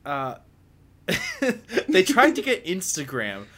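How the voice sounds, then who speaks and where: A man's voice: sits high, wildly swooping pitch, a bit bright. A man co-hosting a podcast, chatting casually and cracking jokes. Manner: joking, quick with wisecracks. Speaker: podcast co-host. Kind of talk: casual chat.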